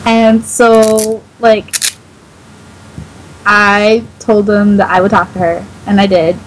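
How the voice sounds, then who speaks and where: A woman telling a story to friends in casual chat, animated and full of swearing. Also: medium pitch, takes it slowly, slight background noise, rough recording.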